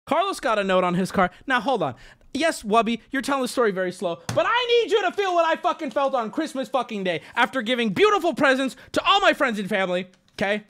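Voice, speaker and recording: A man's voice: extremely high pitch, big pitch swings, fast, sharp tone. A man hosting a livestream, telling a story to his chat in a heated, profane rant. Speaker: livestream host. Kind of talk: casual ranting to chat.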